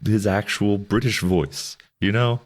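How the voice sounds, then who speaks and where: A man's voice: lowish voice, steady tone, unhurried. A man co-hosting a podcast, talking loosely about a film in a rambling, jokey way with lots of restarts. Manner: rambling, self-interrupting, jokey. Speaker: podcast co-host. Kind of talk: casual film discussion.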